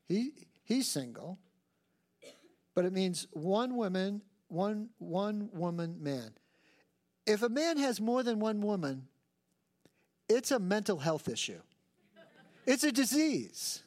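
A man's voice: sits high, slow, long pauses. An older man, a pastor, preaching a sermon and telling stories with self-mocking humor. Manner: animated storytelling with self-mocking humor and acted quotes.

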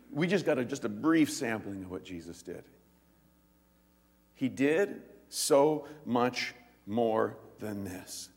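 A male pastor preaching a sermon, retelling stories in a lively, animated way and acting out the voices. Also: medium pitch, slow pace, pauses often, husky, big-room sound. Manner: animated storytelling, acts out voices, laughs.

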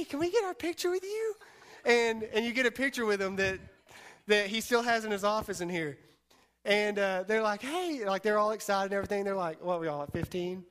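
A young male youth pastor with a high-pitched voice gives a relaxed, conversational sermon. He tells stories in a chatty way, packed with "like" and "you know", and acts out little quotes as he goes. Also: clean tone. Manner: chatty storytelling, many fillers, acts out quotes.

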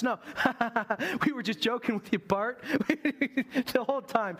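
A man's voice: very high-pitched, takes it slowly, hardly any pauses, a bit bright. A man preaching a sermon in a church, telling stories with humor and acting out voices. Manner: humorous storytelling, acts out voices. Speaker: pastor.

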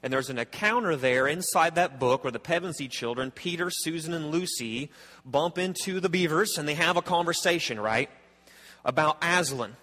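A man's voice: fairly high pitch, animated, moderate pace, sharp tone, long reverb tail. A man preaching a sermon as a pastor, earnest and emphatic, often restarting and repeating words.

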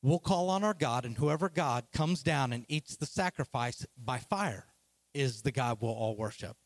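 A man's voice: mid-range voice, expressive, normal speed, no echo, pitched below the performer's own voice. A man voicing a bold, defiant male prophet who talks in brash, streetwise taunts.

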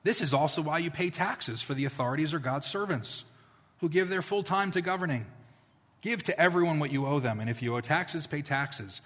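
Male pastor, fairly high voice, conversational sermon with emphatic slow beats, long room reverb. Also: a bit bright. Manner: conversational preaching, builds to emphatic points with slow, drawn-out lines.

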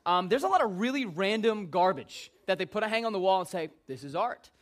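A man's voice: sits high, lively intonation, brisk. A young man speaking to a youth group, rambling through funny anecdotes and acting out the voices of the people in them. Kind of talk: casual storytelling to a group.

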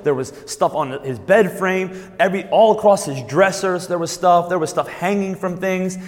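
A man preaches from the pulpit with a somewhat high voice. He stumbles over repeated words, then draws out key phrases slowly and loudly. The sound rings out in a large hall with a long reverb. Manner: repeats words and restarts, slows and rises for emphasis. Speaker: pastor. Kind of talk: sermon.

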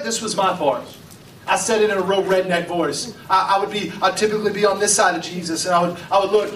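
A man from West Virginia preaching a sermon, dramatic, with pauses and acted-out voices. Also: high-pitched, steady tone, a bit bright, slight background noise. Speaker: pastor. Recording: echoey, from far off, faint music.

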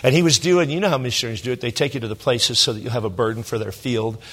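A middle-aged man from Southern California, a pastor telling a personal story in a sermon, emotional and halting with many restarts. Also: mid-range voice, fairly bright tone, breathy edge.

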